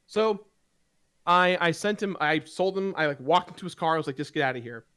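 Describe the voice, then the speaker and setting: A man casually telling a heated personal story to friends, animated and profane, with rambling restarts. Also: on the high side, brisk, clear, resonant tone, no echo, clean studio sound. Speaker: gaming show regular.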